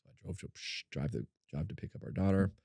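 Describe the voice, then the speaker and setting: A man co-hosting a faith-based podcast, telling a personal story in an animated way and acting out what people said. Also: fast talker, vocal fry, slightly rough, no room sound, studio quality. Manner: animated storyteller, acts out quotes in a high voice. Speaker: podcast co-host.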